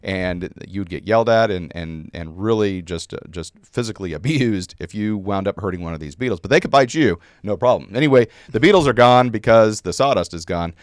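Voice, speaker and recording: A man's voice: on the low side, animated, a little fast, hardly any pauses, no room sound, studio quality. A middle-aged man telling a long story in conversation, rambling with many fillers and restarts. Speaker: guest.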